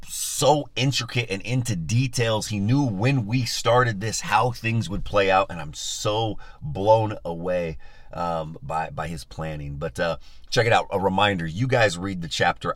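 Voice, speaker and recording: A man's voice: deep voice, a little slow, no echo. A male pastor leading a live-streamed Bible study, upbeat and enthusiastic as he chats with his listeners, on a phone mic.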